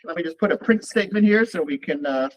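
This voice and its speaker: High-voiced man lecturing on code. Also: fast, poor audio. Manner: relaxed, thinking aloud while typing code. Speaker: college programming lecturer. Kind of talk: live coding lecture.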